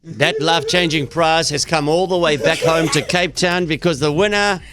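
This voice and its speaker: A male morning radio host chats with a guest in the studio, quick with questions but stumbling over restarts. His voice sits somewhat high for a man.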